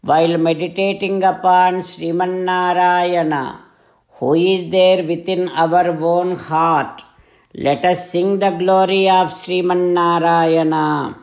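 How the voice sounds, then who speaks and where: A temple priest tells a scripture story to devotees in a devout, explanatory way. His voice has a gravelly edge. He speaks at a slow, measured pace. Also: high voice, fairly even intonation, darkish tone.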